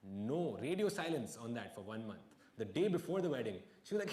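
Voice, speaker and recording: A young man doing a stand-up comedy set on stage, with wry deadpan asides and bursts of mock outrage. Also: mid-range voice, fairly quick. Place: stage before a live audience. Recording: echoey live venue with crowd noise.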